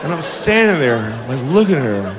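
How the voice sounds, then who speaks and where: A man in his forties doing stand-up, telling a story in a profane, self-mocking, animated way. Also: medium pitch, normal speed, long reverb tail. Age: 40s. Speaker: stand-up comedian. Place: comedy club stage with audience. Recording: live club room with crowd and noise.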